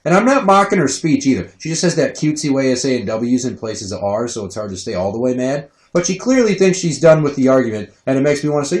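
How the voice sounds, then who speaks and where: A man in his thirties, a podcast host, telling profane, animated stories about his kids in casual chat. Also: on the high side, fast talker, hardly any pauses. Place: home basement. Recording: roomy echo.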